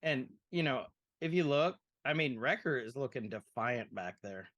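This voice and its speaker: A man co-hosting a podcast, chatting casually as he retells the scenes of an episode in an animated way. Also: medium pitch, moderate pace, no echo. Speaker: podcast co-host.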